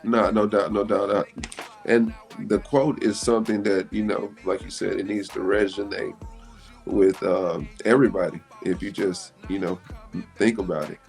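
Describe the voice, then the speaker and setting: A man hosting a radio interview, asking halting questions full of fillers and agreeing in short bursts. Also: on the low side, steady tone, creaky, a little mellow, soft background music. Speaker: radio show host.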